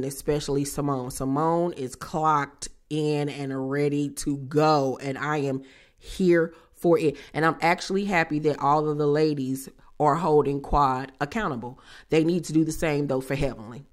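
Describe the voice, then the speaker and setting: A woman reviewing a reality TV show on her own channel, talking casually in a sassy, slangy way with playful asides. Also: deep voice. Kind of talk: casual chat.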